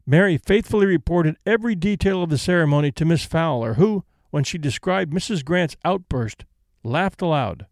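A male narrator reads a classic short story in a measured, even manner. His voice sits a little high for a man, and the recording is close and dry. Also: no echo. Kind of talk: scripted audiobook narration.

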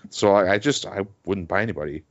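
Co-hosting a casual sports podcast, a man rambles and hesitates, using lots of fillers. His voice sits low and moves at a quick pace, and the recording sounds lo-fi.

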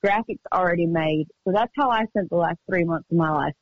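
A woman singer-songwriter chatting as a guest in a radio interview, telling stories in an upbeat, quick way. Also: on the low side, no room sound, lo-fi sound. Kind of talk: casual radio interview chat. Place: remote call from home studio.

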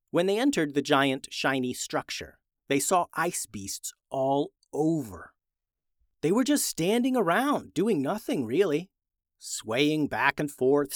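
A man narrating a children's adventure story in a lively, expressive way. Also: fairly high pitch, dry recording, clean studio sound.

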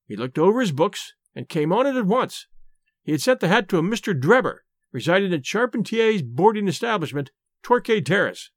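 Audiobook, man doing a cocky detective, eager, lively pitch, dry close mic. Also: a little fast, dry recording, heavily acted. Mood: boastful. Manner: eager, boastful storytelling. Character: brash, self-pleased police detective, a man.

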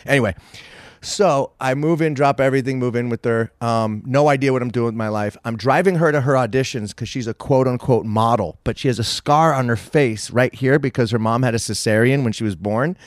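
A man's voice: mid-range voice, a little fast, dry recording, studio quality. A man in his forties from San Francisco, a podcast guest telling stories in a brash, profane, self-mocking way. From San Francisco, United States. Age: 40s. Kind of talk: casual storytelling chat.

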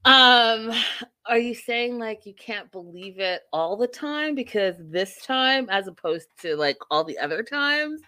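Chatty woman doing a reality tv recap, super expressive, puts on voices for the cast. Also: fairly high pitch, unhurried. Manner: animated, acts out the cast's lines, laughs often.

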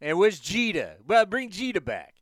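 A man's voice: high voice, very animated, moderate pace, no echo, clean studio sound. A man voicing a blustery Yankees fan calling a sports radio show, with a New York accent.

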